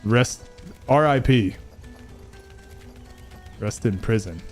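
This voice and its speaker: A man's voice: mid-range voice, normal speed, darkish tone, faint music behind. A young man streaming a game late at night, chatting casually with his viewers, rambling and joking, swearing freely, and sounding a bit tired. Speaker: gaming streamer. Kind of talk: casual live-stream chat.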